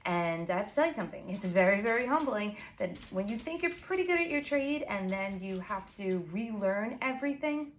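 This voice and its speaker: A woman in her forties with a Long Island New York accent, a pastry chef giving a chatty, fast how-to talk full of asides and fillers. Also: medium pitch, lively intonation, a little hiss or hum. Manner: fast, chatty and self-apologetic, with frequent fillers. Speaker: pastry chef and baking teacher. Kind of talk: casual instructional talk to camera.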